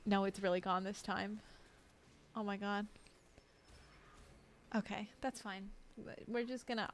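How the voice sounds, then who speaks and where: A woman's voice: medium pitch, little pitch movement, a little slow. A young woman streaming late at night, sleepy and yawning, chatting in a rambling, self-deprecating way at her desk mic. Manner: chatty, self-deprecating, drifting train of thought. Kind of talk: casual rambling stream chat.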